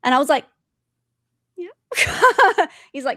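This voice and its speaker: A woman guest telling her spiritual experiences in an animated way, laughing often and acting out quotes. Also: high voice, slow pace, no room sound, clean studio sound. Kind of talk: storytelling in conversation.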